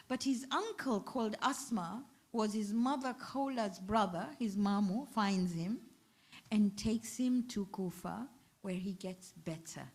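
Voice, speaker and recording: A woman's voice: medium pitch, unhurried, darkish tone, husky. A woman with a British accent giving a majlis sermon, narrating a story and acting out the dialogue. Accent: British English. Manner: storytelling, acts out quoted dialogue. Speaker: zakira. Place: ladies' majlis hall.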